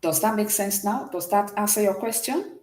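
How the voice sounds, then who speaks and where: A woman's voice: medium pitch, normal speed, darkish tone, roomy sound. A woman teaching a beginners' French class online, explaining patiently and checking in often with the students.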